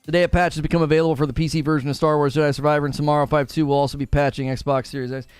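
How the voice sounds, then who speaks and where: A man's voice: a little high, flat delivery, rapid-fire, darkish tone, smooth, no echo, faint music behind. A man hosting a casual gaming live stream, arguing both sides of a point and reading chat messages aloud. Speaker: livestream host.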